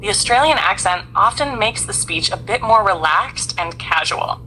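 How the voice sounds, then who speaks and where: A woman's voice of an AI assistant, polite, even and helpful. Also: mid-range voice, normal speed, a little hiss or hum. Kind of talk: synthetic assistant speech.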